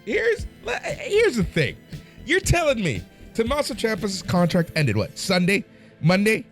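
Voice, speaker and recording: A man's voice: high voice, huge pitch swings, unhurried, a bit bright, faint music behind. A man co-hosting a podcast, chatting casually with joking asides. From Central or South America. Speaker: podcast co-host. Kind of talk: casual chat.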